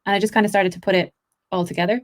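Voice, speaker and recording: A woman with an Irish accent, an actress and accent coach, telling stories in a chatty podcast interview, quick and full of restarts. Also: medium pitch, steady tone. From Ireland.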